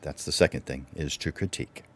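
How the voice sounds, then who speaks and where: Low-voiced man teaching a workshop. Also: fairly even intonation, fairly quick, fairly bright tone. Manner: instructive, poses many rhetorical questions. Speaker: workshop presenter. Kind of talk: livestreamed speaking workshop.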